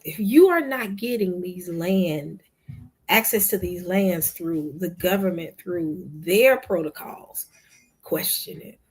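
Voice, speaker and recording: A woman's voice: lowish voice, slow pace, a little mellow, breathy edge. A woman hosting a livestream show, chatting casually with viewers and retelling a conversation in quoted dialogue, often calling them "y'all". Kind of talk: casual storytelling to a live audience.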